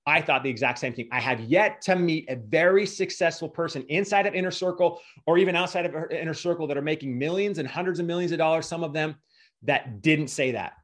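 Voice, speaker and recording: Earnest motivational man, slightly high voice. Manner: earnest, emotional, preachy. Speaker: guest speaker. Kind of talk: motivational talk.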